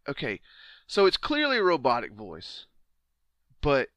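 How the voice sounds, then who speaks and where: Lively, incredulous male podcast co-host. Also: mid-range voice, measured pace, dry recording. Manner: incredulous, picks apart wording. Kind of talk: casual true-crime chat.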